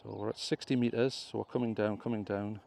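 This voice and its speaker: Man, warm mellow tone, chatty step-by-step drone tutorial outdoors. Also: on the low side, little pitch movement, fast, vocal fry. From England. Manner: chatty step-by-step explaining, self-correcting. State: clearing his throat, slight cough. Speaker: drone vlogger. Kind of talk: casual tutorial commentary. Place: outdoors on a hill.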